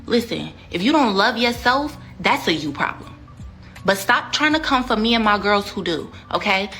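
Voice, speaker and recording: A woman rants in a sassy, indignant tone, reacting to a clip. Her pitch sits mid-range and faint music plays underneath. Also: lively intonation, moderate pace, a bit bright. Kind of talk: reaction rant.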